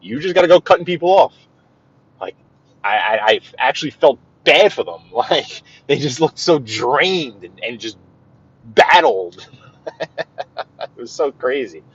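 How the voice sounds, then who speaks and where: A man's voice: mid-range voice, expressive, measured pace, long pauses, husky. A man talks casually from behind the wheel, pointing things out as he drives. His speech rambles, full of restarts and playful asides. The sound is a bit dull, like live-stream audio captured inside a car. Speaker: driving vlogger giving a live tour.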